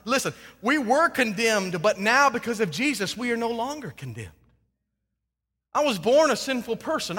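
A man preaching a sermon, telling a personal story in an animated, emphatic way. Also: high voice, in a large hall. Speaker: pastor.

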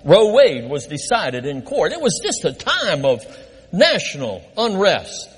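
A man's voice: on the high side, a little slow, husky. An older man, a pastor, preaching and telling self-mocking stories from his early ministry. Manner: animated, self-mocking storyteller. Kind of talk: sermon with personal stories. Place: church sanctuary. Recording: long reverb of a church hall.

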